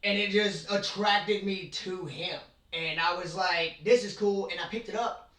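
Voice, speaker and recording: A host chatting casually about manga from their own bedroom, rambling and excitable with jokes and asides. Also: mid-range voice, a little slow. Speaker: channel host. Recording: roomy, from far off.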